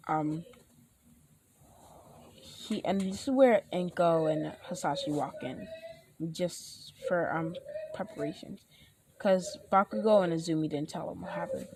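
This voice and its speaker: Young woman slowly rambling thru a fan story, lowish voice, bit of hiss behind. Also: a little mellow. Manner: rambling, many fillers and restarts, acts out lines. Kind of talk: casual spoken fan fiction retelling.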